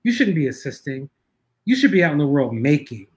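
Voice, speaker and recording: A firm, motherly older woman star hands out blunt advice, as a man quotes her in his own fairly high voice. She lectures, sure of herself, with little put-on change. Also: big pitch swings, a little fast, husky.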